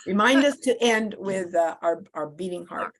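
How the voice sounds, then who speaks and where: A woman moderating an online discussion and closing it, halting with many fillers and repeated words. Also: medium pitch, lively intonation. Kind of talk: closing remarks on a video call. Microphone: video call.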